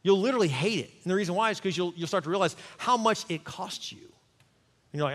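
A man preaching a sermon as pastor, animated and conversational, acting out little quoted voices. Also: high voice, brisk. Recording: long reverb of a large hall.

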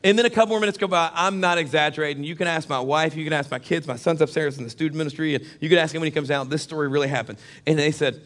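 A man's voice: a little high, very fast, hardly any pauses. A middle-aged male pastor preaching a sermon, telling a comic story to his congregation. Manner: animated, jokey storyteller who addresses the congregation.

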